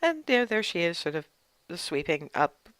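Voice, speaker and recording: Woman game master, bright tone, dry close sound, easygoing narration. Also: on the low side, normal speed, dry recording. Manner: relaxed storytelling with many restarts.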